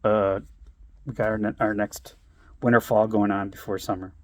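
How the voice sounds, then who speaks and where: A man's voice: fairly low pitch, little pitch movement, moderate pace, a little mellow. A man vlogging in a casual storytelling monologue, giving blunt, streetwise advice and laughing often as he talks. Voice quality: laughs often while talking.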